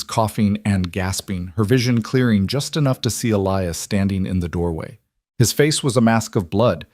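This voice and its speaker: A man narrates a frontier story in an even, dramatic manner. His voice is fairly low and recorded dry and close. The delivery suits a western audiobook. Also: no echo.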